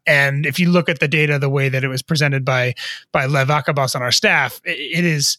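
Bright-voiced stammering male co-host. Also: a little high, no room sound, clean studio sound. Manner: stammers and restarts often. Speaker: co-host, sports business reporter. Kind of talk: podcast discussion.

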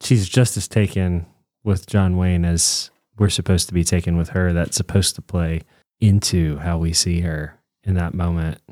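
A man co-hosting a podcast, explaining film scenes in a thoughtful, measured way. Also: low-pitched, steady tone, darkish tone, no room sound, clean studio sound. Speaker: podcast co-host. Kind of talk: casual film discussion.

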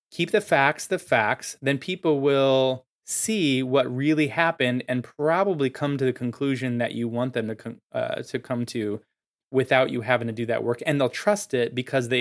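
A man hosting a solo podcast, explaining ideas in a casual way with lots of filler words. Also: medium pitch. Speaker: podcast host.

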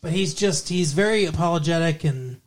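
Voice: mid-range voice, moderate pace. A podcast co-host recapping a TV episode in casual, profane, rambling chat.

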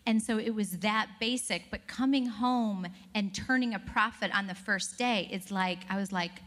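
A woman speaking on a stage before a live audience, telling animated stories and laughing as she talks to the crowd. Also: medium pitch, moderate pace, few pauses.

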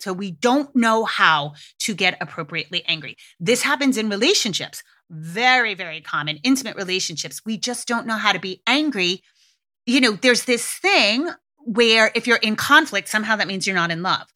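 A woman's voice: mid-range voice, expressive, normal speed, pushed and bright. A middle-aged woman hosting a parenting podcast, talking candidly and swearing freely in a casual monologue.

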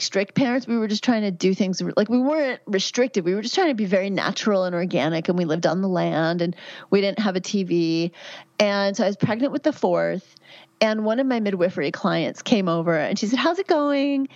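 A woman's voice: medium pitch, animated, fairly quick, darkish tone, no room sound, muffled recording. A woman in her fifties with grown children and grandchildren, a guest speaking frankly about motherhood and pregnancy, full of fillers and restarts. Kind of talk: casual interview talk.

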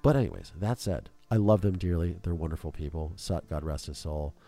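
A man's voice: low voice, a little fast, warm tone, faint music behind. A young adult man hosting a podcast, telling an emotional family story in casual chat. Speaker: podcast host.

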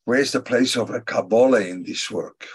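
Fielding questions from his students, this man leads a religious class in a husky, medium-pitched voice. His answers come slowly and thoughtfully, with important phrases said more than once for emphasis.

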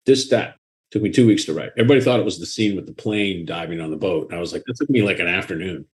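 A man with a Boston accent, an author talking frankly and with animation in a casual interview. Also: sits low. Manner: frank and animated, quick asides and laughter.

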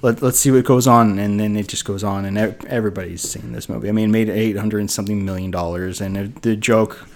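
A man's voice: on the low side, flat delivery, fast, hardly any pauses, a little mellow. A man in his thirties, a podcast co-host, telling a story in casual movie chat and acting out his own reactions.

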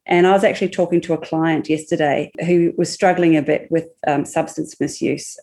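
A woman, a psychologist and podcast guest, explaining ideas in a measured way. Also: on the low side, mellow. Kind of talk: podcast conversation.

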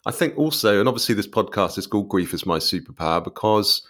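A man hosting a podcast, asking questions in a relaxed way with hesitant restarts. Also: lowish voice, fast. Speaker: podcast host. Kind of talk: casual interview.

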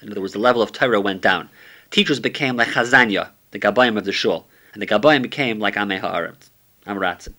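A man's voice: on the low side, fast, bright, forceful tone. A man teaching a summary of a Talmud page, reading steadily and using many Hebrew and Aramaic terms.

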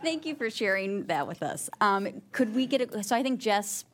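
A woman's voice: mid-range voice, sing-song, moderate pace. A woman moderating a conference conversation, polite and encouraging as she hands over to audience questions.

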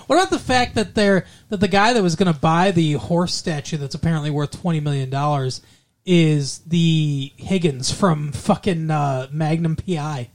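A man co-hosting a casual movie review podcast, rambling and joking, slipping into quick impressions. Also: fairly high pitch. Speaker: podcast co-host.

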